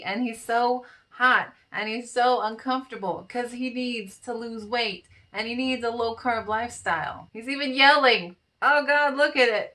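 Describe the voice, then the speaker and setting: A woman's voice: mid-range voice, pushed and bright. A tired woman vlogger in casual commentary, playfully teasing and talking straight to the cats in the pictures.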